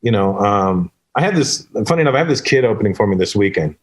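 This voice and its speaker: A man's voice: fairly low pitch, sing-song, fast talker. A man, a stand-up comedian and the guest, telling stories casually and animatedly and jumping into quoted voices. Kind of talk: casual storytelling in conversation.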